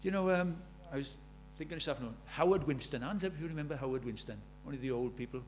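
Earnest older preacher. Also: male voice, on the high side, fast, slight background noise. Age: 70s. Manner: earnest, presses the congregation with rhetorical questions. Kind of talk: sermon. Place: church.

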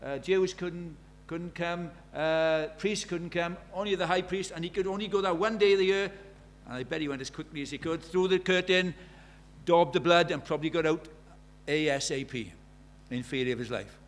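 Emphatic preacher with a higher voice. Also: male voice, normal speed, hardly any pauses. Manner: emphatic, repeats key phrases and asks rhetorical questions. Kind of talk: sermon.

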